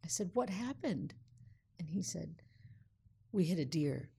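A woman telling a personal story aloud in an unhurried, vivid way with dramatic pauses. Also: low-pitched, vocal fry, warm tone, slightly rough.

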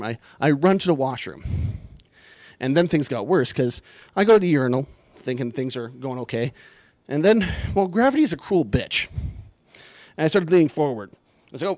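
A man telling a comic personal story in a self-deprecating, animated way, building toward punchlines. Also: mid-range voice, normal speed, pauses often, dry recording.

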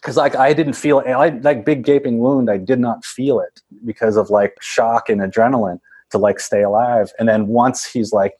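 A man's voice: medium pitch, fairly even intonation, moderate pace, few pauses, darkish tone, breathy edge. A man casually telling a long story, rambling with many fillers and laughing as he goes. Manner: rambling, laughs often, acts out voices of others.

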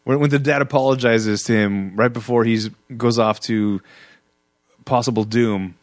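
A man hosting a casual movie podcast, talking in halting bursts with many restarts and frequent laughs. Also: mid-range voice, dry recording, clean studio sound. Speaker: podcast host. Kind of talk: casual movie review chat.

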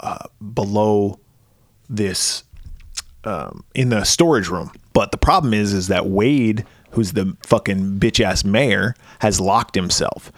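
A man's voice: on the low side, takes it slowly, dry recording. A man in his thirties co-hosting a podcast, recapping a movie in crude, casual banter, swearing, laughing and rambling. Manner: profane, laughing, rambling storyteller. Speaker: podcast co-host.

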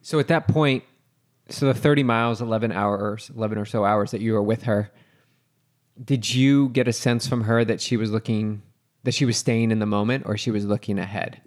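A man's voice: lowish voice, steady tone, normal speed. A man hosting a podcast, asking thoughtful questions that he rephrases as he goes. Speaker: podcast host. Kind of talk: interview questions.

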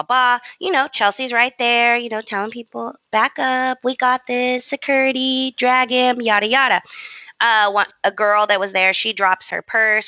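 A young adult woman co-hosting a podcast, telling a story in an animated, slangy, self-mocking way. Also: fairly high pitch, no echo, lo-fi sound. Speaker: podcast co-host. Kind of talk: casual storytelling chat.

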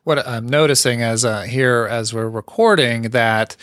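A man's voice: mid-range voice, measured pace, fairly bright tone, no room sound, studio quality. A man hosting an interview, asking thoughtful and somewhat tentative questions. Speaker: podcast host.

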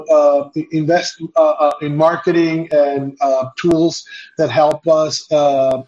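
Hesitant man, slightly high voice. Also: a little mellow. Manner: hesitant, many fillers and restarts. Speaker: entrepreneur guest. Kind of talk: casual interview. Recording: dull lo-fi audio.

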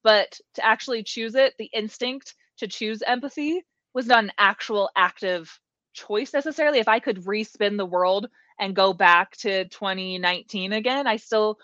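A woman's voice: mid-range voice, moderate pace, a bit bright, no echo, dull audio. A woman on a live show telling a story in a candid, rambling way from a bedroom at home. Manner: candid, rambling, swears lightly. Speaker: regular co-host.

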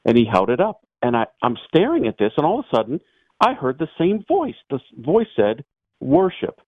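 A man, a priest guest on a radio show, telling a personal story as an animated storyteller who acts out the people in it. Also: mid-range voice, brisk, slightly rough, dry recording. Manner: animated storyteller, voices the people in his tale. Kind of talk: storytelling testimony. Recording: tinny dry phone line.

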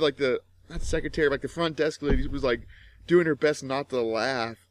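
A man's voice: medium pitch, brisk, dry recording. Foul-mouthed man telling a rant story. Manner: swears constantly, shouts out quoted rants. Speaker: podcast co-host. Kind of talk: casual chat, profane storytelling.

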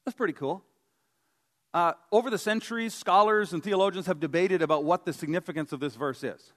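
A man's voice: fairly high pitch, expressive, moderate pace, long pauses. A man preaching a sermon as pastor, in a conversational, joking way with emphatic stresses.

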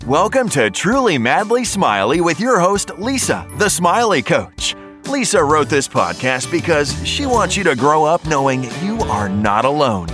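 Male announcer, lively pitch, upbeat, music playing under him. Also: measured pace. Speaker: show announcer. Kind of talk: scripted intro over music.

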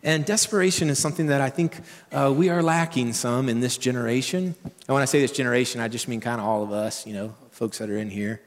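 A man delivers a sermon in a relaxed, conversational preaching style and often asks his listeners questions. His voice sits at an ordinary middle pitch for a man. The recording carries the long, lingering reverb of a church sanctuary. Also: fast. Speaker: pastor.

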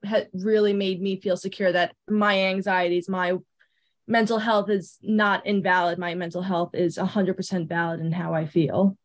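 A woman's voice: lowish voice, level tone, normal speed. Earnest young-sounding woman fan. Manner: earnest, eager, many ums. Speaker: fan, season ticket holder. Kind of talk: casual chat.

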